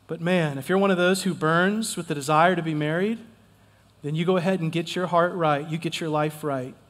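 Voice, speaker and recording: A pastor preaching in a fairly high voice, emphatic and folksy, driving home points by repeating them. His voice carries a long reverb from the church sanctuary. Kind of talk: sermon.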